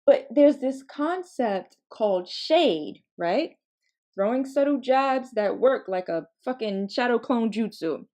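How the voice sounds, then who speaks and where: Animated young woman telling funny stories. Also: fairly high pitch, slow. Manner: animated, laughing, casually profane. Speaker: podcast host. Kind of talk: casual comedic storytelling.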